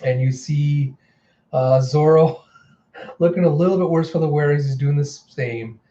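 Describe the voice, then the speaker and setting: A man recapping a manga chapter for his channel, animated, jumping into character voices as he reads the lines out. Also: a little high, measured pace, highs cut off. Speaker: manga reaction host. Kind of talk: casual manga reaction, acting out lines.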